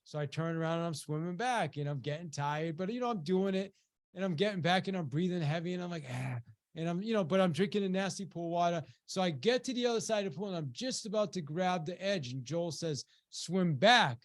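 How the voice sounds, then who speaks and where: A man presenting a webinar, telling a personal story in a lively, conversational way with many restarts. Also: high voice, quick pace. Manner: animated and conversational, with many restarts and "you know"; acts out quoted voices, rising sharply when quoting a shout. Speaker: webinar presenter and business coach. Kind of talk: motivational storytelling to an audience.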